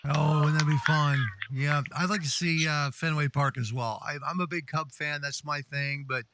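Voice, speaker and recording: A man with a somewhat high voice hosts a casual live chat. He keeps things upbeat and relaxed, reading comments from viewers aloud as they come in. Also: moderate pace, background noise. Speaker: host of a live stream show.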